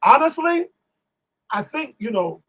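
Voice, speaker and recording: A man guest, telling animated stories in casual talk, singing bits of lyrics and acting out voices. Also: very high-pitched, measured pace, low-quality recording. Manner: animated, exclamatory, sings lyrics and acts out voices. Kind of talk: casual storytelling on a live stream.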